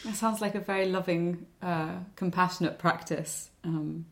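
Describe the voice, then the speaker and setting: A woman hosting an interview podcast, speaking in a measured, thoughtful way and building up long reflective questions. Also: lowish voice, fairly even intonation, slight background noise. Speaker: podcast host.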